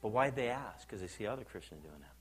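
Animated older male preacher. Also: fairly low pitch, fast, slight background noise. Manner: animated storytelling, acts out quotes. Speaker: pastor. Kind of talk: sermon.

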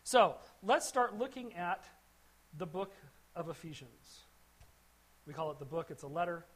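A woman teaching scripture verse by verse. She speaks conversationally, pausing to explain words. She often restarts her sentences and drops in asides as she goes. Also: fairly low pitch, animated, breathy edge. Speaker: Bible teacher.

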